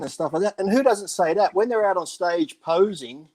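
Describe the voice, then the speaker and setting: Brash storytelling man, higher voice. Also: expressive, moderate pace, darkish tone. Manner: rambling, acts out quotes, swears freely. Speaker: podcast co-host, former bodybuilder. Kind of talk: casual chat, storytelling.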